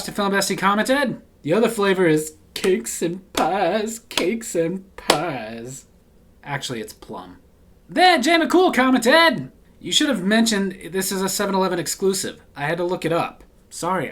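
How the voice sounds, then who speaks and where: A man reads out viewer comments and answers them with dry, deadpan humor. His pitch swings widely as he hams up the longer comments, then drops flat for the punchlines. It's casual, jokey channel chat. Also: moderate pace. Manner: laughs at his own jokes.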